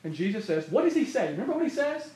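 A man preaching a sermon, emphatic and repeating phrases for stress, his voice going hoarse. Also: extremely high pitch, sing-song, fast, a little mellow. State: losing his voice. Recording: roomy echo of a hall.

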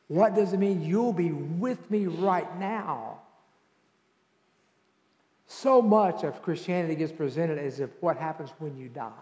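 A male pastor preaching a sermon and telling stories, building to loud emphasis at times. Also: on the high side. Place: church sanctuary. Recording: echoey church hall with long reverb.

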